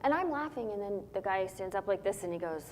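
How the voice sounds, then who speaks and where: A woman co-hosting a talk show, telling a lively, laughing story in casual chat. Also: mid-range voice, quick pace, heavy background noise.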